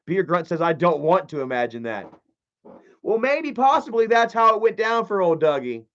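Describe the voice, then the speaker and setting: A man talking on a casual livestream in a profane, animated, mocking way. His voice sits a little high for a man. The audio is muffled and lo-fi. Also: normal speed. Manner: profane, animated, mocking, reads chat aloud. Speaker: live streamer.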